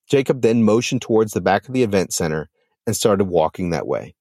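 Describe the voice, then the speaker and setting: A man hosting a podcast and narrating a story in an expressive, dramatic manner. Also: fairly low pitch, fairly quick, no room sound, studio quality. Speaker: podcast host.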